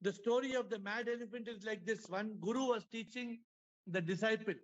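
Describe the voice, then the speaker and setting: A man's voice: high voice, a little fast, lo-fi sound. A man with an Indian English accent giving a spiritual talk. He tells stories, repeats his points and asks his listeners questions. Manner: storytelling, repetitive, asks the audience questions. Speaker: spiritual teacher. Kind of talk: spiritual talk to an online audience. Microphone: video call.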